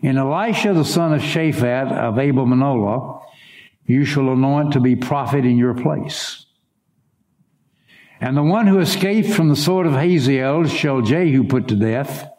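A man preaching, his voice mellow and warm. He reads scripture dramatically, letting his pitch climb and fall. Now and then he breaks off to speak directly to his congregation. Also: expressive, a little slow, roomy sound. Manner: dramatic reading with wide swings in pitch; asides to the congregation. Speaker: pastor. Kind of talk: sermon scripture reading.

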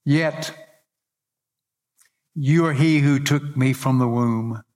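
A man's voice: mid-range voice, slow, a little mellow. A middle-aged male pastor preaching a sermon in an earnest way, reading scripture aloud and lifting his voice on the quoted cries.

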